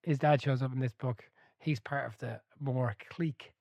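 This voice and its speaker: Man, podcast host, mid-pitched voice, dry close sound, lively storytelling, laughs often, casual swearing. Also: moderate pace, vocal fry, no echo, lo-fi sound. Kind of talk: casual chat about a football book.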